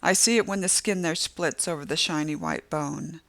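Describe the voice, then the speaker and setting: A woman's voice: deep voice, moderate pace, fairly bright tone. A woman narrating a first-person novel as an audiobook, with tense, vivid storytelling.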